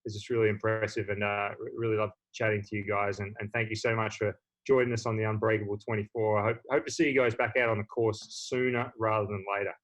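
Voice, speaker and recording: A man's voice: on the low side, little pitch movement, quick pace, hardly any pauses, a bit bright. A man hosting a casual video-call interview, upbeat and chatty, often restarting his sentences. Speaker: host.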